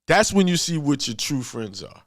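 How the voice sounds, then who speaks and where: A man's voice: fairly high pitch, very animated, normal speed, fairly bright tone, no echo, clean studio sound. Emphatic man giving a blunt sermon. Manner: emphatic, repetitive, talks straight and blunt. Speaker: spiritual speaker. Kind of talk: informal motivational sermon.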